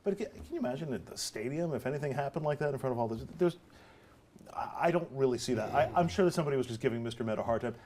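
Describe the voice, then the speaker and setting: A man on a talk show panel, giving quick, opinionated and jokey takes. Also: medium pitch, expressive, darkish tone. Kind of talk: casual panel discussion.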